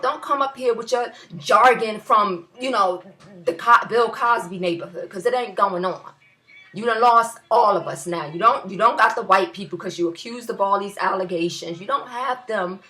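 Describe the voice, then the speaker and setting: A woman's voice: medium pitch, normal speed, sharp tone. A young woman with a New York area accent, ranting heatedly in a video blog, cursing and repeating phrases for emphasis. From US tri-state area. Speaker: vlogger.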